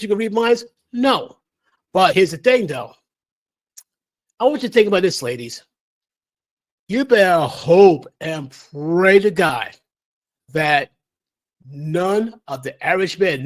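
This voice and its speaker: High-voiced man ranting on a livestream. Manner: emphatic, repetitive, lecturing. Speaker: livestream host. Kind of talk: opinion rant on a livestream.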